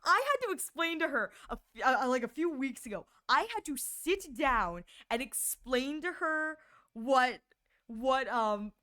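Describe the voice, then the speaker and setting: A young woman streamer chatting casually and telling animated stories to her viewers, often laughing. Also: sits high, unhurried, clean tone. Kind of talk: casual livestream chat.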